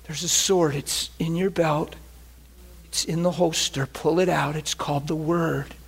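A man speaking as God, a calm commander firmly urging a believer to fight. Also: fairly high pitch, a little slow, vocal fry, breathy edge, exaggerated voice. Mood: exhorting. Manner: firm, exhorting.

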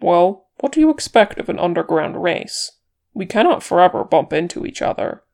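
A reader voicing a gruff, blunt male dwarf warrior in an audiobook, grumbling and plain-spoken. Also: medium pitch, very animated, moderate pace, darkish tone. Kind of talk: audiobook character reading.

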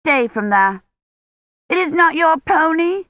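A woman voicing a small, stubborn medieval girl who speaks in a high, earnest, old-fashioned way. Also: a little slow, dry recording. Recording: dull dry audiobook recording.

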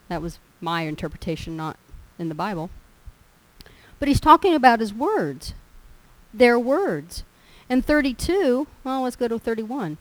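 A woman's voice: a little high, big pitch swings, a little slow, dry recording, poor audio. A woman preaching a sermon in a folksy, storytelling way. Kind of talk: sermon with personal stories.

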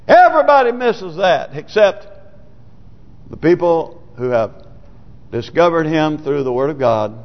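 A man preaching a sermon, reading scripture aloud and asking his congregation rhetorical questions. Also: fairly high pitch. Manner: reads scripture aloud with emphasis. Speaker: pastor. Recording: dull, lo-fi recording in a reverberant church hall.

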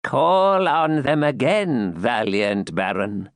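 A man reading aloud and voicing a vengeful, gloating old woman, slow, grim and mocking. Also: mid-range voice, no echo, studio quality. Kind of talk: audiobook character reading.

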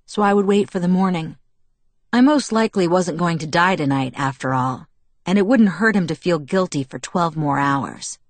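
Low-voiced woman narrating an audiobook. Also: lively intonation, normal speed, no echo. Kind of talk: first-person novel narration.

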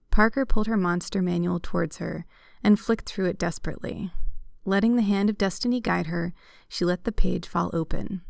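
A woman narrating a piece of fan fiction aloud with steady, even delivery. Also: on the low side, normal speed, vocal fry, dry recording, clean studio sound.

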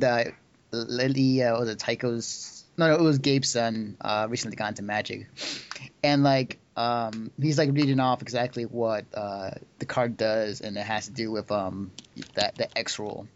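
A young man hosts a relaxed podcast conversation, chatty and loose with plenty of fillers and laughter. His voice sits at an ordinary pitch, and the recording is dull and lo-fi. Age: young adult. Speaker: podcast host. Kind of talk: casual chat. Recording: dull lo-fi audio.

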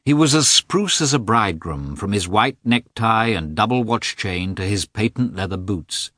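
A man narrating a classic novel with an expressive, scripted delivery. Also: lowish voice, normal speed, dry recording, studio quality. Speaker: audiobook narrator.

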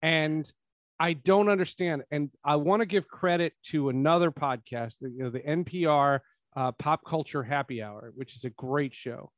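Animated man hosting a podcast. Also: a little high, moderate pace, no echo. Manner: animated, rising to emphatic points. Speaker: podcast host. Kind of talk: casual film review chat.

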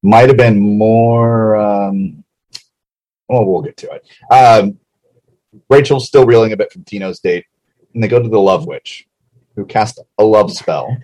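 A man's voice: fairly low pitch, darkish tone, poor audio. A man co-hosting a casual podcast, chatting about a reality show and rattling off plugs. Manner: chatty, reads plugs quickly. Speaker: podcast co-host.

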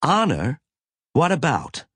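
A man voicing a stern, commanding woman starship captain who snaps sharp orders, raising his pitch well above his own. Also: wildly swooping pitch, slow pace, husky, dry recording, studio quality, heavily acted. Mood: probing.

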